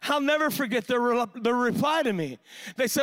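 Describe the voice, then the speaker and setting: A man's voice: very high-pitched, animated, moderate pace, fairly bright tone. A male pastor, preaching a sermon in an impassioned, storytelling way with lots of "man" fillers.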